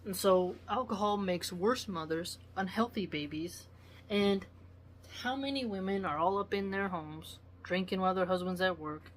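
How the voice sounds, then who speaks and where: A woman's voice: medium pitch, moderate pace, a little hiss or hum. A woman giving blunt, preachy solo commentary, lecturing with acted asides. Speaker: vlogger.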